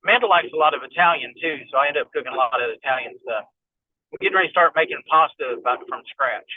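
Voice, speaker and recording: A man with a Kentucky accent chatting folksily as a guest while driving on a rough road. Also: on the high side, expressive, fast, no echo. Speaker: guest, fire department instructor. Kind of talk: casual chat. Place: inside a car on a rough road. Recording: tinny phone-like line from a moving car.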